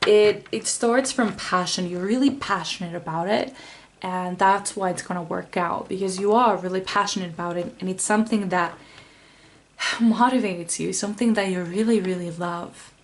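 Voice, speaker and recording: A woman giving a casual tarot reading to camera, rambling with many fillers and restarts and sometimes dropping to a soft whisper. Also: medium pitch, moderate pace. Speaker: tarot reader.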